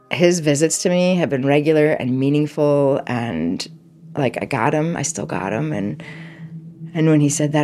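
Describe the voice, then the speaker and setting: A woman's voice: very deep voice, gravelly, warm tone. A middle-aged woman telling a personal story, emotional and vivid, quoting herself as she goes. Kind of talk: personal story told to an audience.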